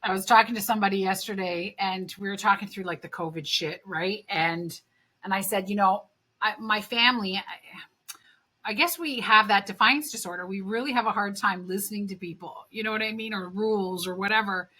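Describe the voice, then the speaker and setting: Podcast host, female, bright clear tone, mid pitch, frank and chatty with casual swearing. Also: a little fast.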